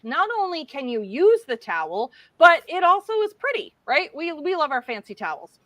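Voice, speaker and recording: A woman's voice: high-pitched, fairly bright tone, no echo. A woman hosting a casual livestream, chatty and bubbly, laughing easily as she greets viewers by name. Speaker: livestream host.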